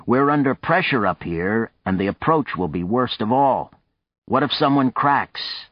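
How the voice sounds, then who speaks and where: A man's voice: medium pitch, expressive, unhurried, no echo, pitched above the performer's own voice. A man voicing a brash, teasing male crew member in an audiobook, with a grinning, half-joking delivery and a muffled, dull sound.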